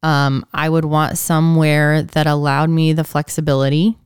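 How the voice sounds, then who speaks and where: A woman in her thirties co-hosting a podcast, talking in a measured, thoughtful way with light teasing. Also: sits low, level tone, smooth, no room sound, clean studio sound. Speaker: podcast co-host. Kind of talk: casual podcast chat.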